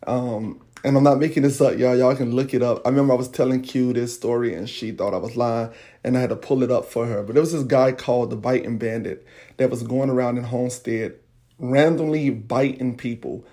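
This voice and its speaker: A man's voice: medium pitch, steady tone, fairly quick, warm tone. A man, hosting a podcast and candidly telling a personal story straight to his listeners. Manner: candid, addresses listeners directly. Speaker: podcast host.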